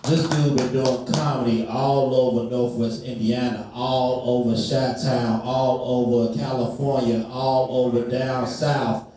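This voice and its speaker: Slow loud emcee guy, music playing, big club echo. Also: medium pitch, flat delivery, a little hiss or hum. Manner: loud, hype-building. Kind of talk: hyping up a comedy crowd. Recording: echoey club with music, from a distance.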